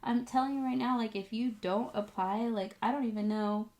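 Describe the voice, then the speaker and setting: A young woman vlogger telling a personal story in a casual, animated and chatty way, turning tearful at moments. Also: on the high side, moderate pace. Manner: animated, emotional, chatty with many "like"s. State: tearful at times. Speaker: vlogger, esthetics student.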